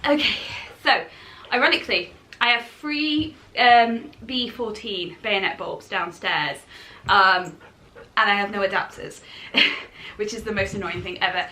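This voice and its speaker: Woman, home vlogger, chatty, enthusiastic, laughs often, mid-pitched voice. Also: a little slow, bright, forceful tone. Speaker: lifestyle vlogger. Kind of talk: casual chat to camera. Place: at home, indoors.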